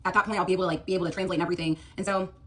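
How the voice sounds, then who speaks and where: Racing along in a lowish, slightly bright voice with fairly even intonation, a young woman tells a storytime monologue about her dating life for TikTok. Her retelling wanders, leans heavily on fillers, and quotes the other person directly.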